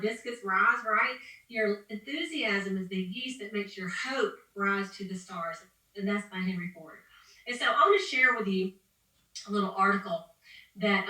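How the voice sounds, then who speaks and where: A woman's voice: mid-range voice, bright, forceful tone. A woman leading a motivational sales training call, upbeat, preachy and rambling. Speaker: sales team leader. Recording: echoey room, distant from the mic.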